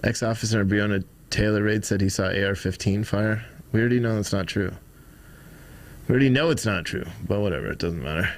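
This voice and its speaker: A man's voice: lowish voice, fairly quick. A man from the United States hosting a live stream, giving loose, casual commentary and talking to his chat.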